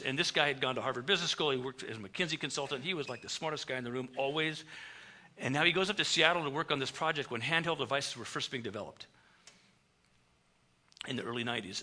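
A middle-aged man preaches in a storytelling way, bringing every story to life by acting out the voices he quotes. His voice has a very bright, sharp edge, and it sits at a medium pitch. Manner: animated, acts out quoted dialogue. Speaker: pastor. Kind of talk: storytelling sermon.

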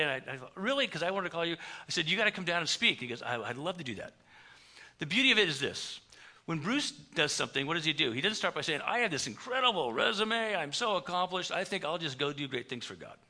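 A middle-aged male pastor preaching a storytelling sermon, animated, acting out the dialogue he quotes. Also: fairly high pitch.

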